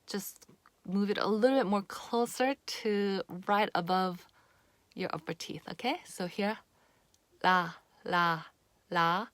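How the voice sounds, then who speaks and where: A woman giving a casual pronunciation lesson to camera, patient and repeating sounds slowly for the viewer. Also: medium pitch, vocal fry, no echo. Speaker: Korean pronunciation teacher.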